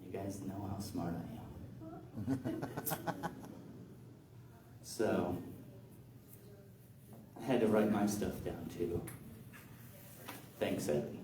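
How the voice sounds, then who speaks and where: A man's voice: low-pitched, drawn-out words, pauses often, background noise. A man doing stand-up with dry, self-deprecating banter aimed at the crowd. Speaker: stand-up comedian. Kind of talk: stand-up set. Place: comedy club room. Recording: roomy club sound from far off.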